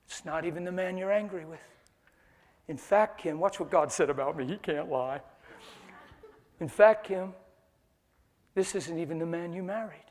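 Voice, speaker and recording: Animated, high-pitched male preacher. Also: normal speed, long pauses, big-room sound. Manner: animated storytelling, laughs often. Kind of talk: sermon.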